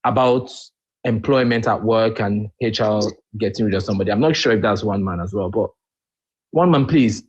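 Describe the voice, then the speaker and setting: Over muffled, lo-fi call audio, a UK-based caller whose family is from Nigeria speaks into a live talk stream with indignation, firing off rhetorical questions. He has a lowish, husky voice with a darkish tone and talks at normal speed.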